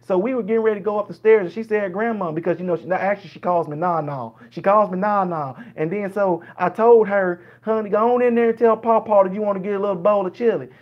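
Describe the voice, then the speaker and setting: A rambling older Southern grandmother who never gets to the point, her voice pushed high and folksy, as a man puts her on. She wanders from one small detail to the next. The stream audio is dull and lo-fi. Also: level tone, rapid-fire, vocal fry, hardly any pauses. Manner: long-winded, drifts off topic, folksy.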